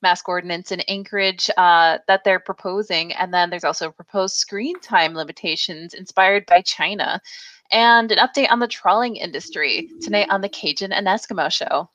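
A woman's voice: fairly low pitch, normal speed, fairly bright tone, no room sound, lo-fi sound. A woman from Alaska co-hosting a casual online talk show, chatting loosely and laughing often. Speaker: podcast co-host. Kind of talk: casual chat.

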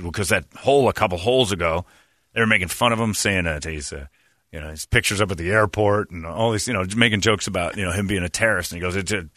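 A man's voice: low voice, no room sound, studio quality. A man hosting a morning radio show, telling a long story in casual chat with many fillers. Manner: rambling, lots of "uh" fillers, animated retelling.

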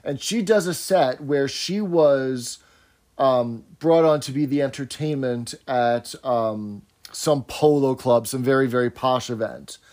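A man's voice: medium pitch, a little slow, a little mellow. A man co-hosting a casual chat, explaining and telling stories with asides. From New York City area. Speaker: podcast co-host.

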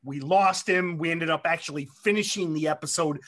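A man's voice: a little high, fairly quick, a bit bright. A man hosting a podcast in casual chat, rambling and joking as he interrupts himself. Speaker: podcast host.

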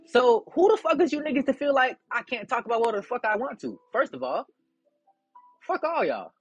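Profane, defiant young man, husky voice. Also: sits high, big pitch swings, brisk, no room sound, dull audio, faint music behind. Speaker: podcast host. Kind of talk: casual rant to listeners.

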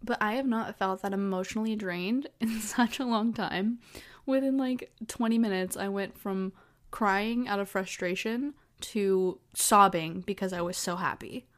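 A woman's voice: mid-range voice, measured pace. Chatty young woman podcast host. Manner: chatty, storytelling with lots of "like". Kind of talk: casual solo chat.

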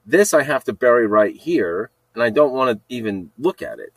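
A man's voice: mid-range voice, very animated, normal speed, no room sound, low-quality recording. A man hosting a solo podcast, telling a rambling story, repeating himself and swearing often. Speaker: podcast host.

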